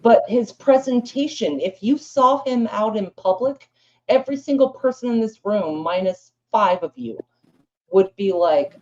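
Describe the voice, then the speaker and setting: A woman's voice: on the high side, animated, measured pace, darkish tone, muffled recording. A woman speaking on a live panel, telling a rambling story in blunt, casual talk full of swearing. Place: live panel room with audience.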